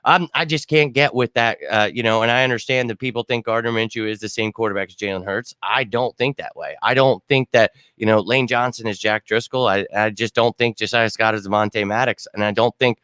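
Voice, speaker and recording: A man hosting a sports fan show, ranting bluntly and swearing after a loss, his throat hoarse from screaming. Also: lowish voice, fairly quick, few pauses, a bit bright, dry recording, clean studio sound. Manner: fired-up, blunt, swears, repeats himself. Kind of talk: casual postgame fan rant.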